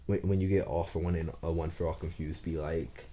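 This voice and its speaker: Deep, mellow man, rambling casual storyteller, stammery and foul-mouthed. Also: fairly even intonation, brisk. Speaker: fan fiction storyteller.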